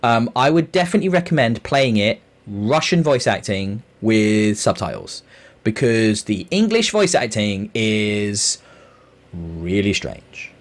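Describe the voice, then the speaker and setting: A man's voice: fairly low pitch, big pitch swings, unhurried. A man co-hosting a podcast, talking through a game in a loose, rambling way with frequent chuckles. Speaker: podcast co-host. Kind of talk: casual chat.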